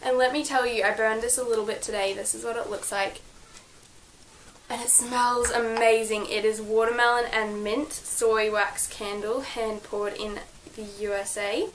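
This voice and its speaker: A woman's voice: a little high, steady tone, normal speed, a little hiss or hum, low-quality recording. A young woman vlogging from her bedroom, gushing and chatty with lots of fillers as she shows her birthday gifts. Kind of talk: casual birthday haul vlog.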